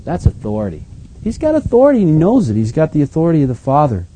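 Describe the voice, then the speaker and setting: A man acting as pastor, reading scripture aloud and then commenting on it in a relaxed, conversational way. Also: mid-range voice, fast talker, a little hiss or hum, low-quality recording. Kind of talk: Bible reading with sermon commentary.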